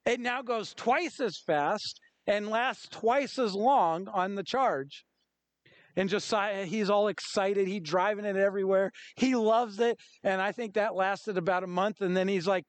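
A middle-aged man, a pastor, preaching a sermon with lively acted-out quotes and stories. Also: high voice, moderate pace, no echo.

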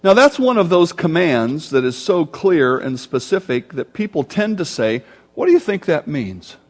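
A man with a high, light voice delivers a sermon from the pulpit. He teaches verse by verse, his pace and volume swinging between urgent and drawn-out. At times he sinks into a low, growling grumble to illustrate a word. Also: sing-song. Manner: expository preaching with sudden shifts in volume and pace. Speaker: pastor.

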